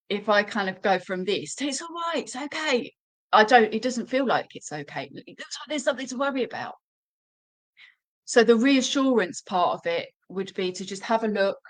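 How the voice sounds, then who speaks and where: A woman dog trainer talks through a live stream at an ordinary middle pitch. She explains step by step in a chatty, unscripted way, with lots of fillers and restarts. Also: fairly bright tone, poor audio. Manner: acts out short quotes in a high, anxious voice. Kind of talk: live-stream teaching, conversational.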